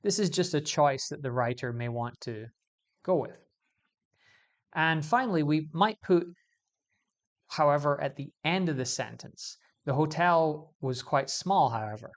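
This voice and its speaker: A man teaching English grammar in a video lesson, explaining clearly and stressing key words as he goes. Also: a little high, a little slow.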